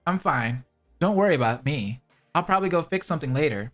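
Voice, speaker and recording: A man's voice: a little high, lively intonation, brisk, fairly bright tone, faint music behind. Man narrating as a tired, kind older woman. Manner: plain first-person narration.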